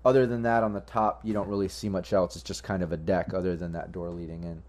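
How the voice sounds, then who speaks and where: A man's voice: deep voice, steady tone, fast, a little mellow. A man running a tabletop game as game master, rambling with fillers and restarts.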